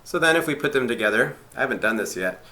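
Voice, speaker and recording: A man's voice: mid-range voice, lively intonation, fast. A man teaching didgeridoo technique in a live video chat, explaining step by step and chanting rhythm syllables. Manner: explaining step by step, thinking aloud. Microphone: webcam on a live video chat.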